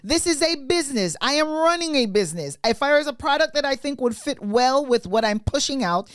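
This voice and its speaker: Emphatic high-voiced woman arguing. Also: expressive, a little fast, dry recording, studio quality. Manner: forceful, emphatic, repeats points. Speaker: podcast co-host. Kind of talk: heated debate.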